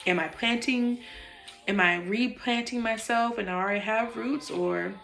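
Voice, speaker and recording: A woman's voice: fairly high pitch, moderate pace, vocal fry, a bit bright, faint music behind. A woman talking casually and frankly into her phone about meditation and personal growth, swearing freely. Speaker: vlogger. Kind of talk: casual spiritual monologue.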